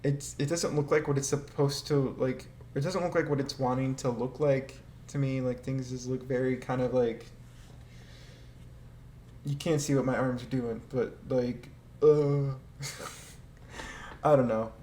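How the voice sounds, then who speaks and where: A man's voice: medium pitch, fairly even intonation, unhurried, warm tone. Man, casual rambling commentary, hesitant, swears, roomy echo, faint background noise. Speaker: video creator ranking game vehicles. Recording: echoey room with faint ambient noise.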